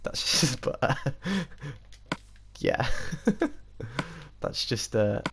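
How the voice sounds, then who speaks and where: A young man with a slightly posh English accent rambles through casual gameplay commentary, laughing at himself as he goes. His voice has a gravelly edge, and the recording is noisy with mouse clicks behind. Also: mid-range voice, big pitch swings, extremely slow. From United Kingdom. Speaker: gaming YouTuber.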